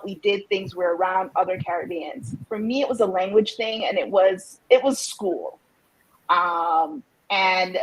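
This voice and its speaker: A woman from a Jamaican family, speaking as a panelist in a reflective, measured way. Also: mid-range voice, a little hiss or hum, low-quality recording. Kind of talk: casual panel discussion.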